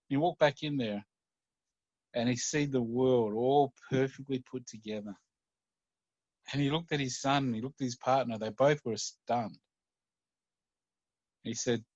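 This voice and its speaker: A man's voice: medium pitch, darkish tone, no echo. Aussie guy telling a story, easygoing and chatty, dry muffled sound. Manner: conversational, unhurried, with fillers. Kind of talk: oral storytelling.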